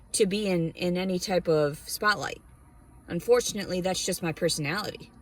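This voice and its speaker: Woman vlogger, lower-pitched, profane personal rant, heated and blunt. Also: steady tone, fairly quick. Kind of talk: angry personal rant to camera.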